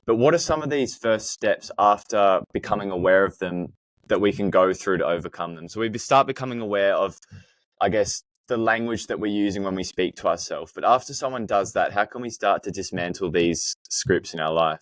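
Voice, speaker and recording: Male podcast host, very low voice, thoughtful questions, dry close sound. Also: a little fast, dry recording. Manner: thoughtful, searching questions with restarts. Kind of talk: podcast interview conversation.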